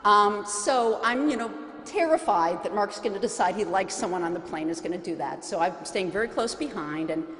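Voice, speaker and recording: A woman's voice: mid-range voice, animated, normal speed, hardly any pauses, a bit bright. A woman in her forties telling a personal story to an audience, earnest and heartfelt, with emphatic lifts. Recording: echoey hall recording.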